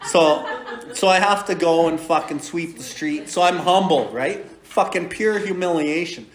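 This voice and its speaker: Man, 40s, recovery podcast host; blunt, swearing, laughing storyteller; slightly high voice, echoey room. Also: moderate pace, few pauses. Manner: blunt, profane, laughing as he tells it. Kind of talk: casual storytelling.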